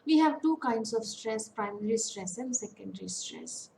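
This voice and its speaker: A woman counsellor with an Indian English accent, giving a lecture on English phonetics and pausing often with fillers. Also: a little high, expressive, vocal fry, darkish tone, poor audio. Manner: slow, deliberate, with many hesitations and fillers. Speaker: academic counsellor. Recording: faint background noise.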